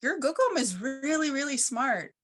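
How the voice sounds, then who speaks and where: A woman voicing playful, gentle little people spirits in a soft, reassuring way. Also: high voice, sing-song, normal speed, voice pushed up. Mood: amused.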